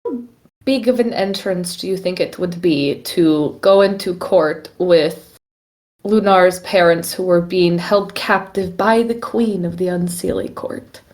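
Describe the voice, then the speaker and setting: A woman's voice: lowish voice, measured pace, darkish tone. Female player, playful and teasing, casual delivery. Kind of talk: casual tabletop play.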